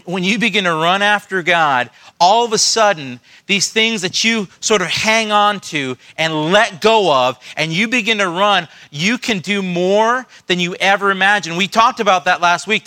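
Man, pastor, sermon, high voice, bright forceful tone, earnest, repeats words as he restarts. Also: clear, resonant tone. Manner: earnest, animated storytelling with frequent restarts.

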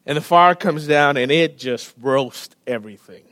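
A man with a fairly high voice preaches a sermon. He tells the story in a loose, animated way with casual slang. He sinks to a near-whisper for the quiet moments. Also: normal speed, few pauses. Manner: casual, with slang and frequent word repeats. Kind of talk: sermon retelling a scripture story.

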